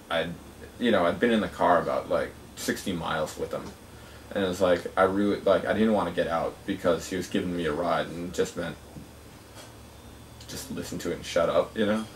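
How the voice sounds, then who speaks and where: A man casually telling a long travel story, rambling with many fillers and restarts. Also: sits low. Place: outdoors at a gathering. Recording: distant mic with clear outdoor noise.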